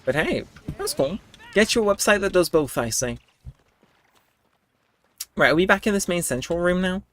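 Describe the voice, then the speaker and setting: A man's voice: high-pitched, big pitch swings, moderate pace, a bit bright. A young man with a cold coming on, livestreaming a game and rambling casually to his chat while laughing often. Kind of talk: casual live-stream chat while gaming.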